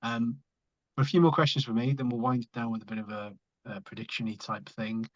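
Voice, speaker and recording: A man hosting a podcast, asking loose, rambling questions in a relaxed manner that trails off quietly. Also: mid-range voice, fairly quick, no echo. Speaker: podcast host. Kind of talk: casual interview chat. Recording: slightly dull lo-fi sound.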